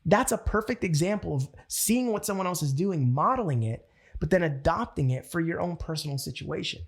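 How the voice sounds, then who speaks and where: Male sales trainer, husky voice, slightly high, animated storyteller. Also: fairly quick. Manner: animated storytelling, acts out quotes. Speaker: network marketing trainer. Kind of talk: motivational training talk.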